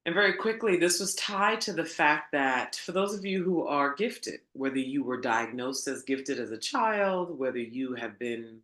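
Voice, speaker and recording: A woman's voice: very deep voice, animated, measured pace, hardly any pauses, fairly bright tone. A woman coach giving a casual motivational monologue, emphatic and preachy, swearing and calling her viewers girl. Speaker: spiritual coach. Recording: echoey room.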